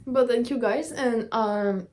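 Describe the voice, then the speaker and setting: Young woman chatting in a halting, apologetic way. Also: a little high, darkish tone. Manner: halting, searching for words, apologetic. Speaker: reaction video host. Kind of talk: emotional reaction vlog chat.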